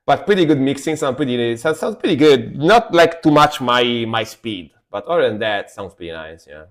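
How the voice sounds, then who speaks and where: A man's voice: medium pitch, big pitch swings, unhurried, pauses often. A man streaming live, reacting to metal music in casual commentary and humming along to riffs. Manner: chatty, scats along to the music.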